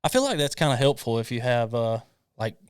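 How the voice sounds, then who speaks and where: A man hosting a faith podcast in casual chat, animated and laughing often. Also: mid-range voice, a little fast, clean tone, no room sound, studio quality. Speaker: podcast host. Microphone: studio mic.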